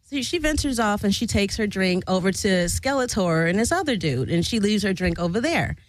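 A woman hosting a podcast, telling a bar-fight story in an animated, profane way and acting out the people she quotes. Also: fairly quick, no room sound, low-quality recording. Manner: animated, profane, acts out quotes with big pitch jumps. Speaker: podcast host. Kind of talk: casual storytelling.

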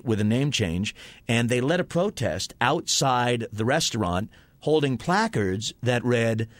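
A man's voice: mid-range voice, a bit bright, no echo. A man co-hosting a radio talk show, telling stories in a rambling way with lots of fillers and self-corrections. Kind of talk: casual on-air chat, storytelling.

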